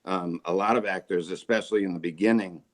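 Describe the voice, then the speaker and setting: Jokey man in his forties, low voice. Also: a little fast. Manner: jokey, relaxed storyteller. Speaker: guest, voice actor. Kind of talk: casual interview chat.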